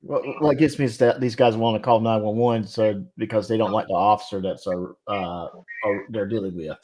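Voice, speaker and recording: A man co-hosting a reaction show, talking hesitantly with many pauses and fillers. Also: fairly low pitch, steady tone, a little mellow, rough recording. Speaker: co-host.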